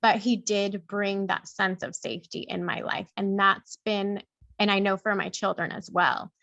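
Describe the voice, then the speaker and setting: A woman guest on a podcast, speaking slowly and thoughtfully in a reflective interview. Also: mid-range voice, flat delivery, creaky, dry recording, dull audio. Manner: slow, soft and thoughtful.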